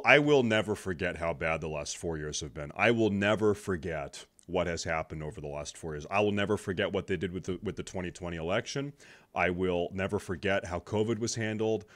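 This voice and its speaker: A man's voice: low-pitched, brisk. Gloating, ranting young male streamer. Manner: swearing, gloating and ranting, with swings from soft mutters to loud outbursts. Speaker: streamer reacting to a clip. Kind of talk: casual reaction commentary.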